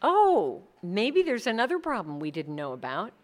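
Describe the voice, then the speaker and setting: A woman's voice: mid-range voice, big pitch swings, brisk. A middle-aged woman speaking earnestly to a group about leading Bible studies, acting out the people she quotes. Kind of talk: talk with audience questions.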